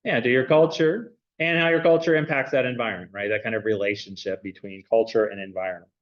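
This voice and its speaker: A man lecturing a class in a relaxed, chatty way, checking in with the room over and over and leaning on fillers between points. His voice sits at an ordinary middle pitch. The recording is dull and roomy, like a classroom captured from a distance. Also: fast. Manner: casual and chatty, many fillers and "right?" checks. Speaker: anthropology lecturer.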